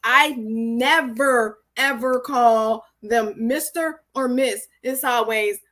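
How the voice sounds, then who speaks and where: A woman's voice: fairly high pitch, takes it slowly, a bit bright. A woman co-hosting a casual panel chat, blunt and defiant. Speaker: co-host.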